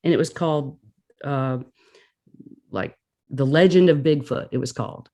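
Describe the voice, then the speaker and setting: Woman guest, casual storyteller, animated, plays out her reactions. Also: deep voice, normal speed.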